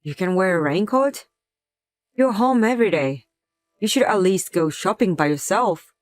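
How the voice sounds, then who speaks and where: A cold, resentful husband who snaps at his wife in short, contemptuous lines, read by a woman. The voice sits at a medium pitch and sounds dry and close-miked. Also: animated, normal speed, dry recording, natural voice. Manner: curt, contemptuous.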